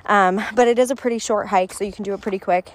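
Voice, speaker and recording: A young woman talks to her audience in a loose, chatty vlog style, peppering her sentences with "like" and little laughs. Her voice sits at an ordinary middle pitch and she records on a handheld phone, sometimes outdoors. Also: steady tone, fast. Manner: chatty, laughs often, lots of "like". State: out of breath. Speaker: travel vlogger. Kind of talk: casual travel vlog chat. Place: outdoors on a hiking trail.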